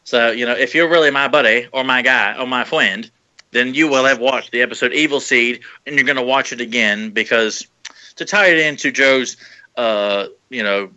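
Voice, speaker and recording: A man co-hosting a podcast in easygoing chat, rambling and lively, with a mid-range voice. His talk comes through a somewhat dull, lo-fi recording. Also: medium pitch, moderate pace. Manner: animated, rambling, slips into silly put-on voices. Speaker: podcast co-host. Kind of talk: casual chat.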